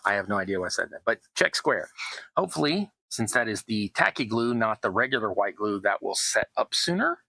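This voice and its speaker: A man's voice: on the low side, big pitch swings, fairly quick, creaky, sharp tone, no room sound, poor audio. A middle-aged man, chatting casually as he builds tabletop terrain, rambling and poking fun at himself. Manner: chatty, self-deprecating, rambling asides. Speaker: terrain crafting YouTuber. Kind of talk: casual crafting narration.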